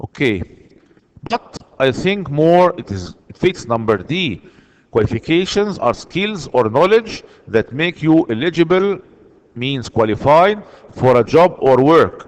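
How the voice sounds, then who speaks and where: A slightly high-voiced man teaching English online, working patiently through the exercises. He repeats key words and answers for his students. His voice trails a long reverb. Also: sing-song, unhurried, muffled recording.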